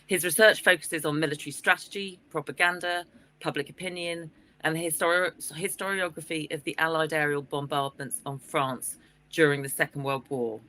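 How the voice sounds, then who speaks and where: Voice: medium pitch, fairly even intonation, moderate pace, bright, forceful tone. A conference chair politely introducing the next speaker in a formal way, with frequent hesitations.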